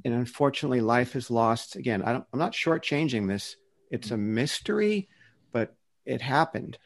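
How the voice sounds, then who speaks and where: A man's voice: medium pitch, animated, moderate pace, creaky. A man speaking earnestly in a casual discussion, defending a Christian view and often restarting his sentences as he searches for words.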